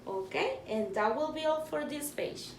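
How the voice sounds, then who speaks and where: A woman with a Spanish accent teaching a phonics lesson to young learners, patient and slow, repeating words for the children. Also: high-pitched, animated. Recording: echoey room, faint background noise.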